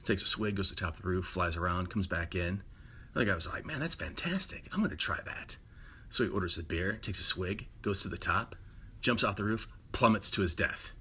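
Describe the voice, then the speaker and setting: A man telling a string of short jokes, animated, jumping into higher voices for the punchlines. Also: brisk, slight background noise. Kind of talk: joke telling.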